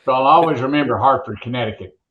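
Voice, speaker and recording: A mid-range, quick-paced voice belongs to an older Oklahoma-accented man, once a monster truck announcer. He's a folksy, rambling joke-teller sharing stories as an interview guest, and the recording's highs are cut off.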